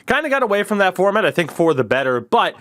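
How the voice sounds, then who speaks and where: A man's voice: sits high, very animated, fast talker, a bit bright. A man hosting a podcast in casual, rambling chat with a sardonic edge. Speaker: podcast host.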